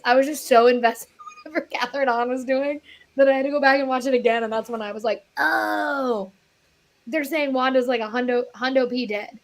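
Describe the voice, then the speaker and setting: A woman from Pennsylvania with a Pennsylvania accent, a guest critic chatting enthusiastically and laughing mid-sentence. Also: on the high side. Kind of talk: casual chat.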